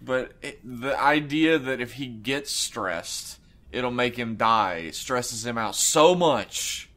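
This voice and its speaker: A man's voice: medium pitch, expressive, slow pace, a bit bright. A man co-hosting a podcast in casual chat, sarcastic and joking, swearing freely. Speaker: podcast co-host.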